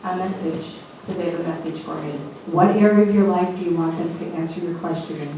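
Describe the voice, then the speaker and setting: Speaking fast with few pauses, a spiritual medium in her fifties uses a fairly low, steady, dark-toned voice for an encouraging, emphatic workshop talk. She often checks in with the live audience in a hotel event room, recorded from a distance with echo and faint hiss.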